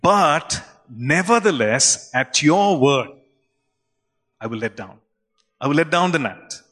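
A man's voice: on the high side, slow, in a large hall, heavily acted. A male preacher voicing Peter, a tired, impulsive fisherman, in an emphatic retelling. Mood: earnest. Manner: excited, emphatic storytelling.

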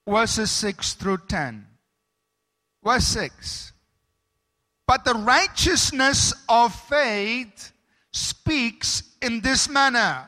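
High-voiced, slow-preaching male pastor. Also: sharp tone. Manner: emphatic, preacherly, asks the congregation for amens. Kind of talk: sermon.

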